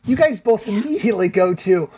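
Man, podcast guest, very lively pitch, enthusiastic, swears casually. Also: a little fast, background noise. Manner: expressive, swearing, enthusiastic opinions. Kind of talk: casual chat.

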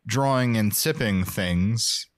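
A man co-hosting a podcast, recapping a TV episode in casual chat and cracking dry, quick jokes. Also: lowish voice. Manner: dry, joking, riffs with quick asides. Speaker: podcast co-host.

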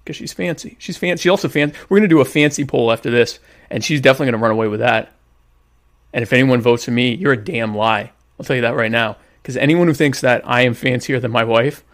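Brisk and mid-range, this male livestream host chats comedically with his viewers while having a meal at home. He teases them and makes fun of himself.

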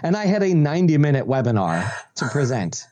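A man as a podcast guest, telling an anecdote in a relaxed way with frequent ums and restarts. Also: on the high side, brisk. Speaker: guest, webinar presenter. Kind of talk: conversational storytelling interview. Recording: slightly dull lo-fi audio.

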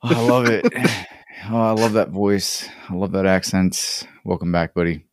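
A man hosting a relaxed podcast chat, easygoing and often repeating his first words. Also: deep voice, a little slow, slight background noise. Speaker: podcast host.

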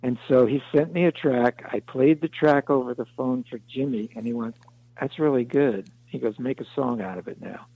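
A man's voice: mid-range voice, moderate pace, creaky, slightly rough, no room sound, narrow, tinny audio. A man being interviewed as a songwriter, telling long rambling anecdotes and acting out the other people in them. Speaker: songwriter guest. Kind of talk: interview storytelling.

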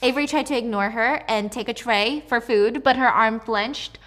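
A woman's voice: fairly high pitch, normal speed, few pauses, fairly bright tone. A young woman retelling a novel's plot in a casual, chatty way, full of fillers and slangy asides. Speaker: book recap creator. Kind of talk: casual storytelling recap.

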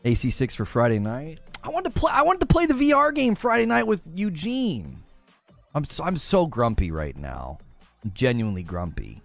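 A man's voice: fairly high pitch, very animated, moderate pace, vocal fry, fairly bright tone, soft background music. Exasperated man ranting on a stream. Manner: exasperated, grumbling and repeating himself. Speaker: gaming news streamer. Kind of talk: live stream rant.

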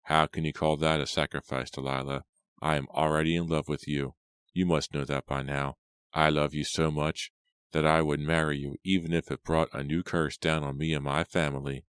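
A man's voice: very deep voice, flat delivery, moderate pace, a bit bright, clean tone, no echo, studio quality. A man voicing an earnest, devoted young man in an audiobook.

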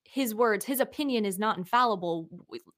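A woman co-hosting a conversational podcast, talking in an animated, slangy, exasperated way. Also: mid-range voice, brisk. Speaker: podcast co-host. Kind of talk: casual conversation.

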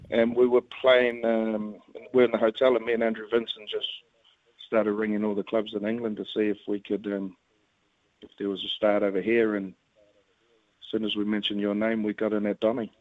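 A man's voice: on the low side, level tone, normal speed, no echo. A man from New Zealand with a Kiwi accent, a guest chatting and rambling happily on the radio by phone. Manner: chatty, rambling, laughs easily. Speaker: guest, rugby league club executive. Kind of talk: casual phone interview. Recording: tinny phone line.

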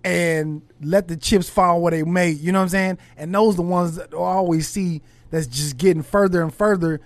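High-voiced male host, reflective and halting. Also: steady tone, no room sound. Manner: reflective, halting, with many restarts. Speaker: podcast host. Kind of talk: casual conversation.

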